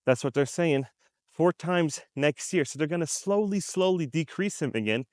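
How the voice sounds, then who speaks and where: A man's voice: a little high, lively intonation, moderate pace, a little mellow, dry recording, studio quality. A man from the United States talking straight to his viewers in unscripted commentary, emphatic and conversational, repeating his points and acting out how people react. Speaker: commentary vlogger.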